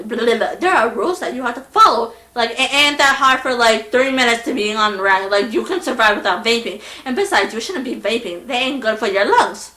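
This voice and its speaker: A young woman telling a storytime in a casual, exasperated way, acting out the people she quotes. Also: on the high side. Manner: animated, exasperated, acts out voices in quotes. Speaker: vlogger. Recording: echoey room.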